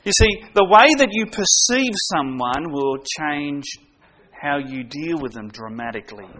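A man's voice: a little high, expressive, measured pace, pushed and bright. A man preaching a sermon, earnest, making his points with everyday stories and direct questions to the congregation.

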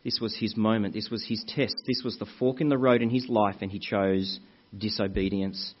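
A man's voice: fairly low pitch, fairly even intonation, normal speed, noisy background. A man preaching a sermon in an earnest way, calling the congregation brethren and telling anecdotes. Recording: muffled lo-fi recording.

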